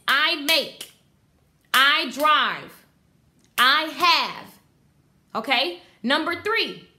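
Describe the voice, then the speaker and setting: A woman teaching a live online class for hairstylists, talking straight to her viewers in an emphatic, animated way and reading out their comments. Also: sits high. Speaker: beauty business coach.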